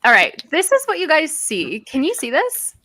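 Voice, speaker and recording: A woman's voice: high-pitched, huge pitch swings, moderate pace, bright, forceful tone, no room sound. A woman narrating as dungeon master, reading handouts aloud with frequent ums. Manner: reads aloud with filler ums. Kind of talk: narrating a tabletop game.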